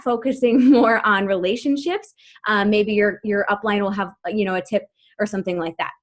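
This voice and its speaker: A woman's voice: medium pitch, moderate pace. A woman in her thirties giving an upbeat, emphatic motivational talk to her coaching team, laughing often.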